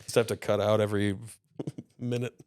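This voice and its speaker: A man's voice: lowish voice, level tone, normal speed, darkish tone, clean tone, no echo, clean studio sound. A man co-hosting a casual podcast, telling a long story with laughter and swearing. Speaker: podcast co-host.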